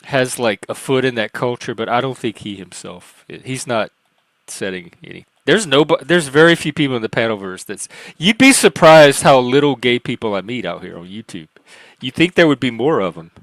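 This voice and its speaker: A man's voice: medium pitch, expressive, moderate pace, a bit bright, no echo. A man hosting a live stream in casual chat, rambling and self-mocking with frequent laughs and a light, youthful-sounding voice.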